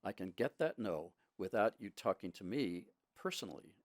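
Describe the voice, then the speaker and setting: A man co-hosting a casual podcast conversation, speaking in a measured, reflective way with many restarts. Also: lowish voice, animated, dry recording. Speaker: podcast co-host.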